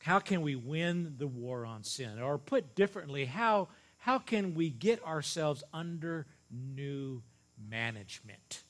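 Male preacher, sermon to a congregation, higher voice, slow and emphatic delivery. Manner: animated, leaning hard on single words for emphasis; speaks directly to the congregation with light laughs. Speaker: pastor. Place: church service before a congregation.

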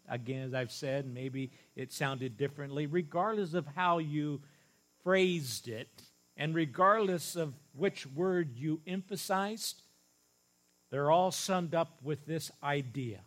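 Male preacher, sermon to a congregation, higher voice, slow and emphatic delivery. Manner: animated, leaning hard on single words for emphasis; speaks directly to the congregation with light laughs. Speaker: pastor. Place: church service before a congregation.

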